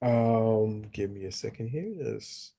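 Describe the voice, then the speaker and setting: A man's voice: on the low side, takes it slowly, gravelly, warm tone. A man from a reading group chatting casually, joking about himself with many restarts. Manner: joking, self-deprecating, stumbling restarts.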